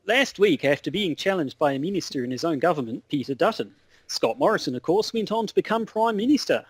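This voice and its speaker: A man's voice: fairly high pitch, expressive, brisk, slightly rough, dry recording. A man putting on an Australian accent to play a blustery male news correspondent in a comedic podcast bit. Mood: mock newsy. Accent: put-on Australian. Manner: breaks character, laughs, rambles.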